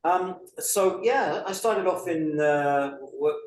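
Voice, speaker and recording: A man's voice: a little high, slow. Older London-accented man, dry humour, chatty, roomy echo, faint background hiss. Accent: London English. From England. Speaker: guest career coach. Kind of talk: relaxed storytelling interview. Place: indoor room, on a couch.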